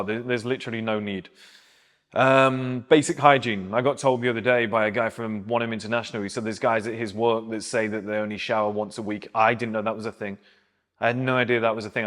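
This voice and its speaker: A man's voice: fairly low pitch, a bit bright. A man in his thirties giving blunt, opinionated advice straight to his viewers as a men's self-improvement host. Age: 30s. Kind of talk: advice monologue to camera. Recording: long echoing reverb.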